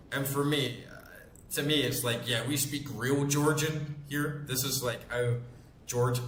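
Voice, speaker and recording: In a fairly bright, mid-range voice, a thirtysomething male gaming host who speaks English natively chats while he plays, rambling with many fillers and plenty of swearing. There's roomy echo and light background noise.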